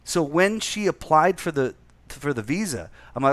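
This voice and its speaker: A man's voice: a little high, very animated, moderate pace, no echo. A man from Canada in casual chat, rambling and swearing with many restarts.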